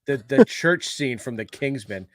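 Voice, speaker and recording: A man's voice: mid-range voice, expressive, normal speed, a crowd in the background. A man joining a casual talk as a guest, musing thoughtfully about watching movies. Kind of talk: casual chat.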